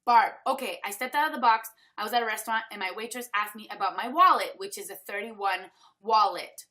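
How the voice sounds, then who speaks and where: A woman's voice: medium pitch, brisk, pushed and bright. A Canadian woman hosting a casual online sales training over webcam, chatty and upbeat, reading names from the chat as she talks.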